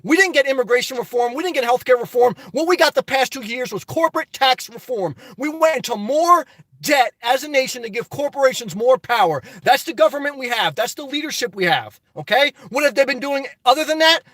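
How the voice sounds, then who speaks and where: A man's voice: very high voice, lively intonation, a little fast, a bit bright, dry recording. A man reading chat on a phone live stream, talking politics in an emphatic casual way. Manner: emphatic, repeats "okay?" and "good job".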